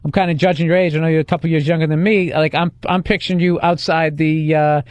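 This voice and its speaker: A man's voice: a little high, level tone, quick pace, dry recording. A man hosting a casual talk show, cracking teasing jokes between questions. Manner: joking, teasing interjections. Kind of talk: casual chat.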